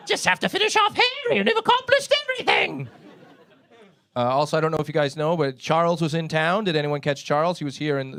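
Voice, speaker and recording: A man's voice: on the high side, a bit bright. A young Canadian man with a Canadian accent, performing a profane stand-up comedy set on a club stage. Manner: brash, profane, laughing at own jokes.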